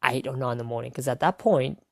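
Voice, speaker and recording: A woman's voice: extremely low pitch, fast talker, vocal fry. A young Australian woman telling a story casually as a podcast guest, rambling and swearing freely, with lots of fillers.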